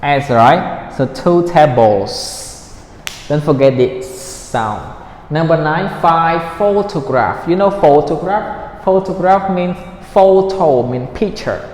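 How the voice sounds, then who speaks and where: Slow, patient male teacher. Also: fairly high pitch, lively intonation, a little mellow. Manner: slow, patient, drills words and repeats them; ends points with a checking "right?". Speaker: English teacher. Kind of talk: recorded grammar lesson for children. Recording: roomy echo, long reverb, faint noise.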